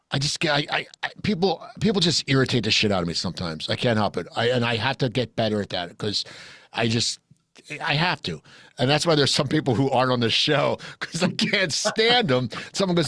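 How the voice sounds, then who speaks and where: A man hosting a casual group talk show, blunt and jokey, telling animated stories. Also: medium pitch, no echo, clean studio sound. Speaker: podcast host. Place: recording studio.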